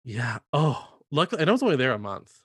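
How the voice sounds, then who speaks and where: A man chatting casually on a podcast, telling animated stories, laughing often and filling his talk with "like". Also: mid-range voice, quick pace, slightly rough, dry recording. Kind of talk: casual storytelling chat.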